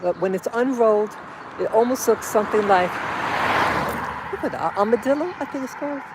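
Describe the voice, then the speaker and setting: A woman's voice: mid-range voice, background noise. A woman vlogging on a walk outdoors, rambling and emotional as she talks to her little boy. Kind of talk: casual walking vlog. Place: outdoors on a street.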